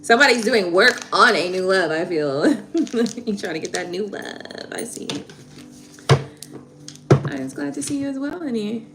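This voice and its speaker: A woman reading tarot on a livestream, chatting casually and warmly with viewers, laughing and getting emotional. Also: mid-range voice, expressive, measured pace, vocal fry, pauses often. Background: soft background music.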